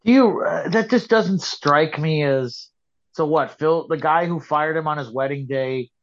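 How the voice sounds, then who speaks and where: A man with a slightly high voice co-hosts a casual wrestling podcast, rambling and often restarting his thoughts. He sounds skeptical as he talks things through. The audio is dull and lo-fi. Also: measured pace. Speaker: podcast co-host.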